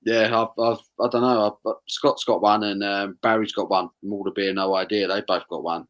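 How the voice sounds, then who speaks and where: A man co-hosts a casual live-stream chat. His voice sits a little low. He rambles in easy, friendly banter, often trailing off mid-thought. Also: level tone, normal speed, a bit bright, muffled recording.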